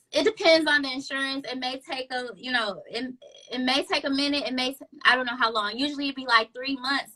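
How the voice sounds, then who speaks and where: A woman in her thirties with a high, very bright voice guests on a casual live stream as a therapist. She chats freely, laughs often and restarts her sentences as she goes. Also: low-quality recording.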